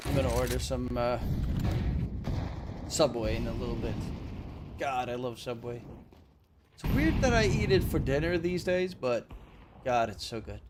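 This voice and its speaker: A man casting an esports shooter match alone, rambling casually between calls and getting loud on the big plays. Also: medium pitch, animated, measured pace, long pauses, background noise. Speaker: esports caster. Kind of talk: solo casting commentary.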